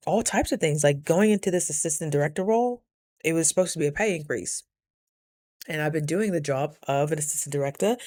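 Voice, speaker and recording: Gravelly-voiced woman giving candid pep talk. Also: deep voice, a little mellow. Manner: candid, chatty, motivational, lots of "you know". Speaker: vlogger. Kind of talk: casual vlog talk to camera.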